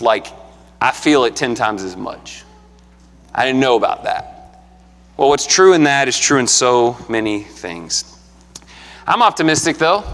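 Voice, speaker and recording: A man in his thirties preaches in a casual, earnest way, often climbing higher and louder on his key points. His voice sits a little higher than most men's. It rings with the long reverb of a church hall. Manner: conversational, earnest, builds in pitch and volume to emphatic peaks. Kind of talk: sermon. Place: church sanctuary.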